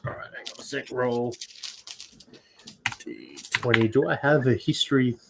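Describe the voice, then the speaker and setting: Man, player, quick joking banter, mid pitch, faint noise. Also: gravelly. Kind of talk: casual tabletop chat.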